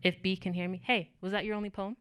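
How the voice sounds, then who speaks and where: A woman's voice: mid-range voice, flat delivery, fast talker, fairly bright tone, clear, resonant tone, no room sound. A young woman hosting a poetry open mic, chatting in a casual, self-deprecating way. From United States. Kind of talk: casual chat.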